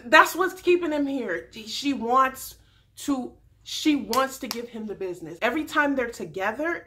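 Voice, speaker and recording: A woman giving a casual, animated TV recap as a vlogger, slangy and quick to laugh. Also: mid-range voice.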